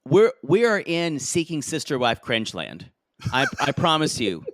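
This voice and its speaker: A man co-hosting a casual reality-TV podcast, talking in an animated, jokey way and slipping into mocking impressions. His voice sits a touch high and swoops widely in pitch. The sound is close and dry, with no room. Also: a little slow, no room sound. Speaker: podcast co-host. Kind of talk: casual chat recapping reality TV.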